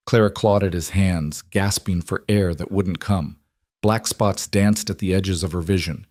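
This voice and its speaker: A man narrating a western story in an even, dramatic manner. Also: low-pitched, measured pace, dry recording, studio quality.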